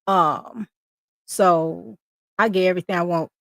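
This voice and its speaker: A woman's voice: lowish voice, a little slow, vocal fry, no echo. A married woman speaking as a guest in a casual group discussion, assertive and proud.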